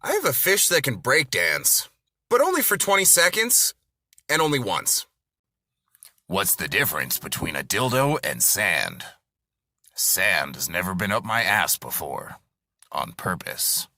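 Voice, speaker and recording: A man reading dark one-liner jokes, dropping deadpan into the punchlines. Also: fairly low pitch, unhurried, dry recording, clean studio sound. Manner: deadpan punchline delivery with lively swings. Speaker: comedy content creator.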